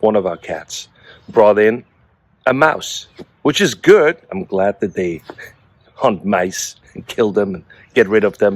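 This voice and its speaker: A man's voice: lowish voice, no room sound. A middle-aged man casually telling a story to the camera, amused and chuckling between phrases. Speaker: vlogger.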